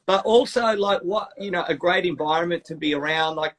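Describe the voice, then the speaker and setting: An Australian man hosting a casual interview, relaxed and reminiscing, with lots of yeps. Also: high-pitched, a little fast, low-quality recording. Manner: relaxed, frequent yep and like, reminiscing. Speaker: podcast host.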